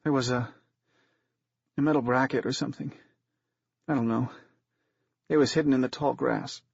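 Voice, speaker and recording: A man voicing an injured, stubborn teenage girl who answers in clipped, guarded lines, raising his voice higher for her. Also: fairly even intonation, normal speed, vocal fry, darkish tone, husky, dry recording. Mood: strained. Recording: dull, muffled recording.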